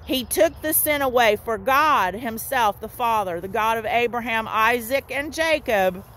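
A woman street preacher giving an informal, animated sermon straight to camera, with playful asides to her listeners. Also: fairly high pitch, measured pace.

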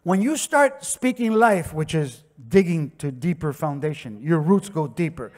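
A man with a Miami accent preaches in a church, his voice sitting high for a man. He tells stories in a loose, conversational way, acting out what people said, and his delivery swells into fervent, near-shouted passages. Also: lively intonation, unhurried. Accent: Miami English. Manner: impassioned preaching that builds to shouting; conversational storytelling with acted quotes. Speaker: pastor. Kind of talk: sermon. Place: church sanctuary.

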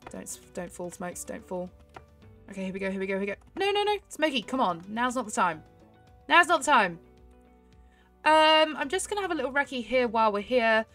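A young woman chatting excitedly to her viewers while she plays a horse game, giggling often. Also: a little high, fast talker, soft background music. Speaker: gaming YouTuber. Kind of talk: casual gameplay commentary.

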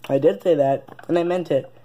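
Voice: medium pitch, fairly quick, dark tone, lightly acted. Someone doing a grumpy, impatient frog dad. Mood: grumbling. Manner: snaps and scolds impatiently. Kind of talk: amateur plush toy video acting.

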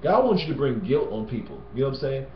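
Man of average pitch teaching scripture in loose, street-casual talk, recorded in a roomy space with muffled lo-fi sound. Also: sing-song, quick pace, a little hiss or hum. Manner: slangy and conversational, often tags "you know what I'm saying" and "man". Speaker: Bible teacher.

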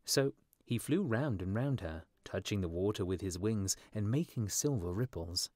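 A man narrating a storybook for English learners with a clear, measured reading. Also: on the low side, expressive, a little mellow, no room sound. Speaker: audiobook narrator.

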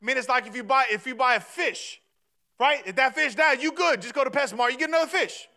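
A man, preaching a sermon in a chatty, storytelling way that rises to shouts. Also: extremely high pitch, quick pace, creaky. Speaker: pastor.

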